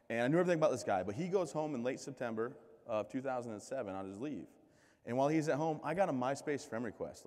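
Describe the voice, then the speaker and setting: A man's voice: mid-range voice, darkish tone. Joking male keynote speaker in a reverberant hall. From United States. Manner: joking, self-deprecating storyteller. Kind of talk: comedic motivational keynote. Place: large event hall.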